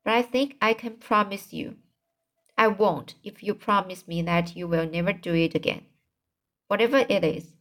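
A woman voicing an earnest young woman who speaks gently but firmly in a storybook reading. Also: medium pitch, normal speed, close to an everyday voice.

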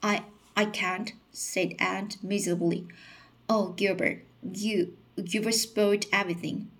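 Picture a young woman pleading and upset in a storybook scene, read by a woman in her own voice. The delivery is slow and unhurried, with halting restarts along the way, and the pitch sits in a middle range. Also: fairly even intonation.

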